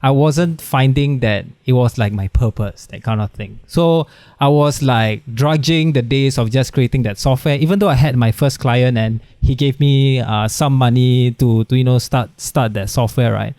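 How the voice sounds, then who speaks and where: A man's voice: mid-range voice, moderate pace, a little mellow, no room sound. A young man, a podcast guest talking in a rambling, casual way full of "like" and "right", recorded over a video call. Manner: rambling, many "like" and "right" fillers. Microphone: video call over the internet.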